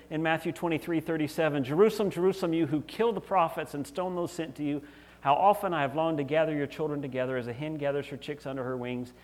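A man's voice: fairly high pitch, a little mellow. A middle-aged male pastor preaching a sermon in an earnest, conversational way, often acting out quoted voices.

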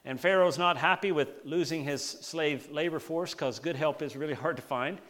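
A male pastor with a slightly raised pitch gives a sermon. He is casual and animated, and he drags out key phrases for emphasis. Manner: conversational, animated preaching with slowed emphasis.

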